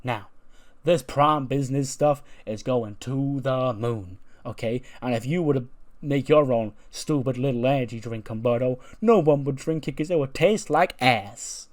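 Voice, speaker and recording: A smug, scheming male business partner lords it over his rivals, as a man puts him on. His voice sits higher than usual and turns theatrical. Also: unhurried, darkish tone, close to an everyday voice.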